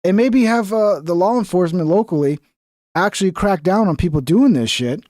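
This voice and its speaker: A man's voice: sits high, animated, a little fast, a little mellow, dry recording, clean studio sound. A young man giving heated, profane commentary while reacting to news clips. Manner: heated, profane, exasperated ranting.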